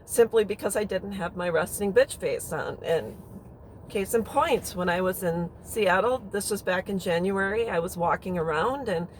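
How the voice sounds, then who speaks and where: A woman's voice: mid-range voice, moderate pace, a little hiss or hum, low-quality recording. A woman telling a personal story in a casual, rambling and frank way. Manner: chatty, rambling, frank with mild swearing. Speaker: vlogger.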